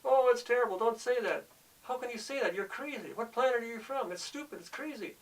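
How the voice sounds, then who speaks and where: A man's voice: extremely high pitch, fairly quick, far from the mic, pitched above the performer's own voice, rough recording. A man mimicking an outraged, defensive pet lover who protests in a raised voice.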